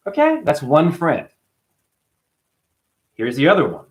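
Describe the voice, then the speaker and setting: A man's voice: on the high side, wildly swooping pitch, a little slow. A man hosting his own channel, delivering a combative, mocking, profane rant to camera. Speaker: channel host. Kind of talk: profane ranting monologue to camera.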